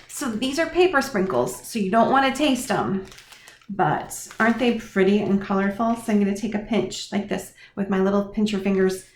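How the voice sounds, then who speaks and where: A woman teaching young children in a lively, sing-song manner, encouraging them and talking straight to them. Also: fairly high pitch, echoey room, slight background noise. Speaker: preschool teacher. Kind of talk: children's lesson.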